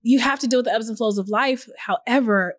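Her voice is on the high side and her delivery brisk, with no room sound. This woman, a journalist and founder, is a podcast guest in a reflective conversational interview. She tells her stories earnestly and warmly, acting out little quoted messages.

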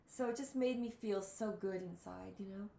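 A woman telling a story in a casual chat, animated, with quick asides and gushing reactions. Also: mid-range voice, vocal fry. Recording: roomy echo.

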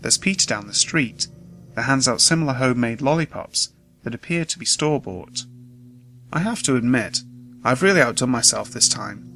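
A man reading a scripted first-person horror story in a steady, measured way, with faint music behind. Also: medium pitch, low-quality recording.

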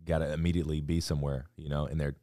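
A man of thirty from Alabama with a slight Southern US accent, chatting as a podcast guest in a relaxed, carefully enunciated way. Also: rumbling low, dry recording, studio quality. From Florence, Alabama, USA. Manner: relaxed, deliberately enunciated speech. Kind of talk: casual interview chat.

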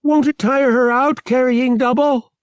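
A man voicing an eager, spirited young woman in an audiobook, speaking in bright, raised exclamations. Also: steady tone, extremely slow, clear, resonant tone, dry recording, studio quality. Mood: excited. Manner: exclamatory, bright high delivery.

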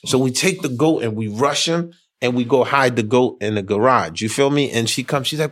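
A man telling a funny story casually, animated and slangy, acting out the other people's voices. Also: mid-range voice, brisk, few pauses, no room sound, studio quality. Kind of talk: casual anecdote.

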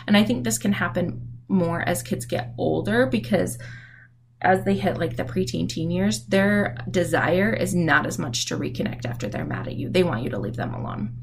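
A woman's voice: lowish voice, lively intonation, moderate pace, vocal fry, slightly rough. A mother giving candid, reflective parenting advice in a casual, frank way. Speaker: parenting speaker.

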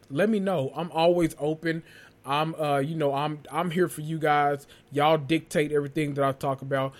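A man hosting a solo podcast, rambling enthusiastically about movies he loves and talking to listeners as y'all. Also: on the high side. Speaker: podcast host.

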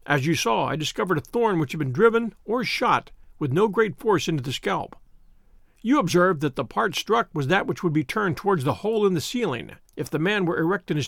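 A man reading a classic detective story aloud with a measured, expressive delivery. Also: high voice, gravelly, no echo, clean studio sound. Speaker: audiobook narrator.

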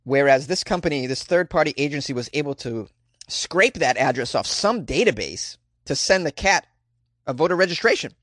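A man's voice: fairly high pitch, animated, moderate pace, a bit bright, no room sound, clean studio sound. A man hosting a comedy news podcast, reading odd stories with wry, jokey asides. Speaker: podcast host.

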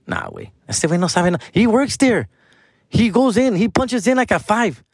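A man's voice: high voice, wildly swooping pitch, a little fast, no room sound, studio quality. Slangy, profane man chatting casually. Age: 40s. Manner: slangy, profane, mixes Spanish words. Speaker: comedian podcast host. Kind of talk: casual rambling chat.

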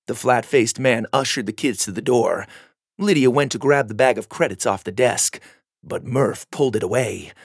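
A man narrating a science-fiction storybook in a steady, gently expressive way. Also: mid-range voice, moderate pace, gravelly, breathy edge, no echo, studio quality.

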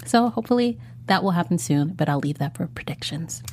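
On a podcast, a female co-host chats eagerly through a casual TV recap, trailing off and starting her thoughts again. She speaks a little fast in a lowish, expressive, darkish voice. Slight background noise can be heard.

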